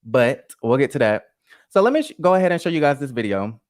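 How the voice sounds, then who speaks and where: A man's voice: mid-range voice, big pitch swings, a little fast. A man hosting a live gossip stream, chatty and sassy, talking straight to his chat. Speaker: host of a live gossip show. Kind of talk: casual live-stream commentary.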